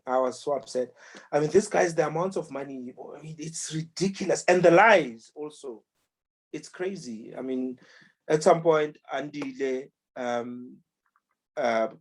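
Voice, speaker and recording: A man in a book club discussion, talking casually and retelling events with lively quoted voices and many restarts. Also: medium pitch.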